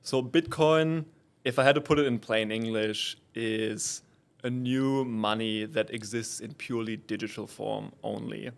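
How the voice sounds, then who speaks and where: Calm German-accented man with gravelly tone. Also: lowish voice. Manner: calm, measured explaining. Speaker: guest expert. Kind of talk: explanatory interview answers.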